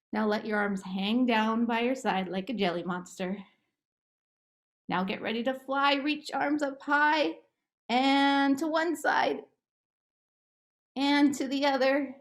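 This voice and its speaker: A woman therapist talking about her work and gently guiding a relaxation game for children, in a slow, coaxing way. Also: a little high. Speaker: play therapist. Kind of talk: guided relaxation script for children.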